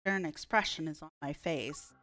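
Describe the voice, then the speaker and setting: A woman's voice: sits low, moderate pace, fairly bright tone. A young woman streaming a story game, reading its text aloud and reacting bluntly and sarcastically, with frequent swearing. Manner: blunt, sarcastic, swears freely at the game's choices.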